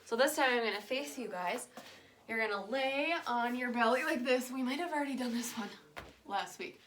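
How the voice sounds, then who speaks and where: A woman's voice: fairly high pitch, normal speed, a bit bright, slight background noise. A young woman guiding children through a yoga lesson, playful and encouraging, talking simply to kids. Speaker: kids' yoga teacher. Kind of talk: guided kids' yoga lesson.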